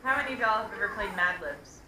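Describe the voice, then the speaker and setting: A woman's voice: medium pitch, fast, background noise. A woman performer chatting playfully with an audience at a live gathering. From United States. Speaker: performer and host. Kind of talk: casual chat with an audience. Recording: echoey room, loud music behind.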